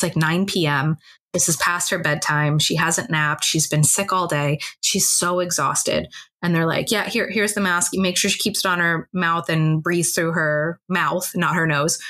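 Low-voiced woman telling a story. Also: a bit bright. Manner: fast conversational telling, many fillers like "like". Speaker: podcast co-host. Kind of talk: casual storytelling chat.

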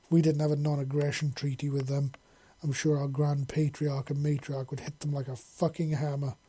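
A man's voice: on the high side, little pitch movement, fairly quick, mellow, breathy edge. A man voicing a fierce, protective female alien warrior with mandibles in an audiobook, speaking with venom. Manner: vehement, protective.

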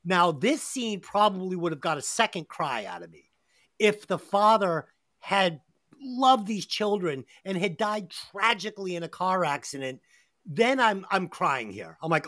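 A woman hosting a casual movie review podcast, talking in an animated, emphatic way with lots of swearing. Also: on the low side, normal speed. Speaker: podcast host.

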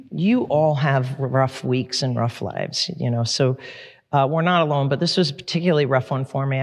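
A middle-aged man preaching as a pastor, candid and conversational, with fillers and restarts. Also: medium pitch. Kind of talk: sermon. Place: church sanctuary. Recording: long reverb of a large hall.

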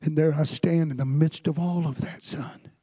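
A man preaching a fervent sermon in a church sanctuary, rising to shouts. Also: on the high side, steady tone, normal speed, husky, no echo. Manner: fervent Southern-style preaching, building to shouts.

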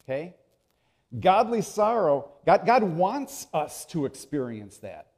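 A man's voice: high-pitched, big pitch swings, slow, a little mellow. A man preaching a sermon as pastor, emphatic and repeating phrases for stress.

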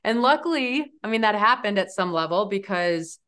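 A woman in her forties, a guest on an interview podcast, telling stories in an animated, lively way. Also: mid-range voice, moderate pace, clean tone. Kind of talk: storytelling in an interview.

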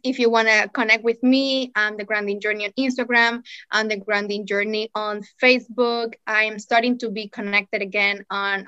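A woman's voice: medium pitch, pushed and bright, dry recording, muffled recording. A woman guest on a podcast, a yoga teacher, talking in an earnest, rambling way in casual chat.

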